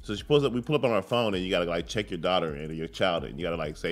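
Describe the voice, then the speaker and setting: A man's voice: sits low, expressive, racing, hardly any pauses. A man in his thirties co-hosting a casual talk show, telling profane stories and mimicking voices. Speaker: co-host.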